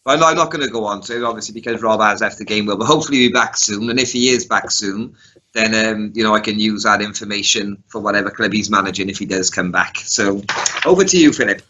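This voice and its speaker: A man's voice: fairly low pitch, fairly even intonation, quick pace, pushed and bright, muffled recording. A man co-hosting a casual chat, talking loosely and laughing often. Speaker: co-host.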